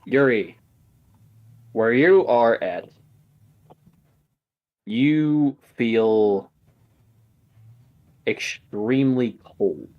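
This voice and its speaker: A man's voice: medium pitch, animated, muffled recording. Casual male game master. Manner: casual, halting, with fillers and restarts. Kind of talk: narrating a tabletop game.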